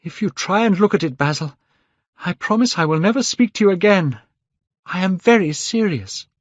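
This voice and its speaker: A man reads as a secretive young man, pitched up high and pleading urgently, his lively voice leaping with alarm. The recording is dull and dry, with a lo-fi edge. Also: moderate pace, dry recording.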